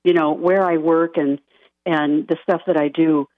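A woman guest on a radio interview, a life coach, talking softly and earnestly and laughing lightly now and then. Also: deep voice, fairly even intonation, measured pace, dry recording. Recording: dry tinny phone-line sound.

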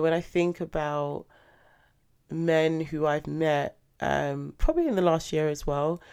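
A young woman hosting a podcast, chatting in a lively, animated way with sudden excited bursts. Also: sits low, gravelly, clear, resonant tone. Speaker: podcast host. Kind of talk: casual podcast chat.

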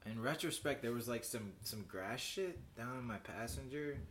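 A young man rambles through a story on a casual podcast, with "like" in every line and swearing throughout. He speaks at an ordinary middle pitch and laughs between phrases. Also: moderate pace, a bit bright, a little hiss or hum. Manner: rambling, heavy on "like" and swearing, laughs while telling. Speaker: podcast host.

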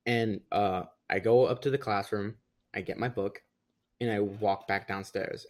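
A young man casually telling a long school story, animated and quick to laugh, mimicking the people in it with a raised voice. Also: fairly low pitch. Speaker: podcast guest. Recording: rough audio.

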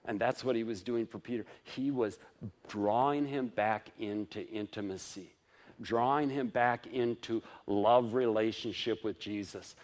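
A male pastor preaching a sermon in an informal, conversational way, with lively ups for emphasis, soft asides and frequent chuckles. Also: medium pitch.

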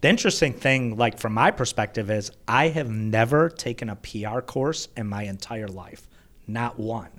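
Man telling a lively sports anecdote. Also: medium pitch, moderate pace. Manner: animated anecdote teller, laughs while talking. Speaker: sports PR executive. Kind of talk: podcast storytelling.

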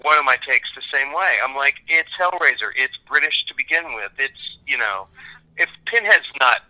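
An American man from Kansas, an actor, chatting casually in an interview in a rambling, animated, self-deprecating way. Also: mid-range voice, moderate pace, low-quality recording. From Kansas, United States. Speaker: actor guest.

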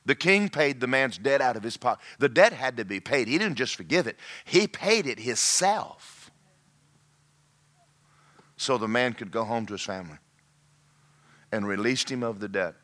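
A male pastor, preaching a sermon in an animated way that swings from loud to hushed. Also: mid-range voice, normal speed, pauses often.

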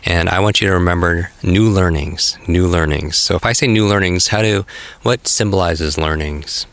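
Deep-voiced encouraging man coaching memory. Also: moderate pace, dry recording. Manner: energetic, encouraging, animated storytelling.

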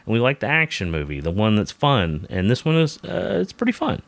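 Lively man hosting a movie chat, dry sound. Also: on the low side, brisk, vocal fry, no room sound. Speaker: podcast host leading a movie review. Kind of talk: casual movie review chat.

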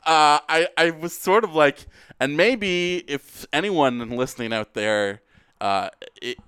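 A man co-hosting a podcast in casual chat. He rants animatedly and rises to shouts when annoyed. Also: fairly high pitch, lively intonation, slow pace, clean tone, dry recording, studio quality. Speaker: podcast co-host.

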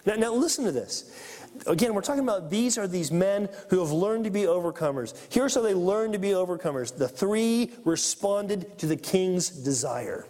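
A man with a high voice preaches a sermon, reading scripture aloud and acting out the people in the story with animated energy. His voice rings out in a long, echoing hall reverb. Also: brisk. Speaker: pastor.

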